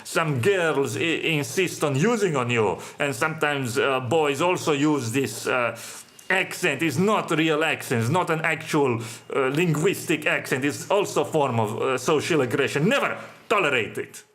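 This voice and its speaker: A man hosting a solo podcast, talking in a dry, sardonic tone. His voice sits a bit high for a man, and his English is non-native, often leaving out articles. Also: expressive, moderate pace, fairly bright tone. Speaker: podcast host. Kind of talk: monologue podcast.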